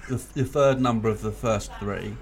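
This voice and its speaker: A man's voice: lowish voice, fairly even intonation, normal speed, a crowd in the background. A man co-hosting a podcast in casual chat, joking and bantering playfully. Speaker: podcast co-host.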